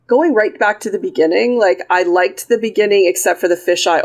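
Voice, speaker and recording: A woman in a relaxed podcast chat, her voice sitting in a middling register. She is blunt and sarcastic and swears freely. Her talk is loose and conversational, full of quick asides. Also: medium pitch. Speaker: podcast co-host. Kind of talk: casual film review chat.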